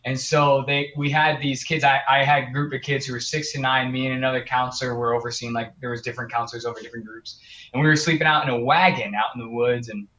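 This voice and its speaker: A young man, a guest on an interview show, telling a story in an earnest, animated way with many fillers and restarts. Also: medium pitch, fast talker. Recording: muffled lo-fi audio.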